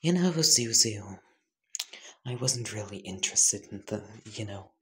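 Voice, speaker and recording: A man's voice: fairly low pitch, animated, unhurried, rough recording. A man voicing a mischievous, gleefully sinister female otherworldly being in a teasing whisper, as whispered role-play.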